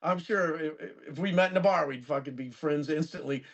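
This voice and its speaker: A man's voice: on the high side, brisk, gravelly, highs cut off. A man in his fifties, a guest musician on a podcast, chatting casually and rambling through stories, swearing freely as he goes. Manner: animated, rambling storyteller who swears freely. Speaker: guest musician and record producer.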